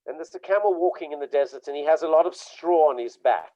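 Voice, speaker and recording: A man's voice: a little high, fast talker, dark tone, no room sound, dull audio. A man giving an informal online talk about burnout, telling emphatic stories and acting out the dialogue he quotes. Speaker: workshop speaker on burnout.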